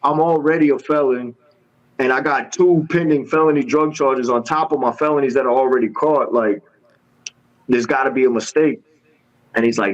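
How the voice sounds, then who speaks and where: A man guest telling a story with animated energy, using street slang and acting out each person's lines in voices. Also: mid-range voice, normal speed, highs cut off. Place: podcast studio.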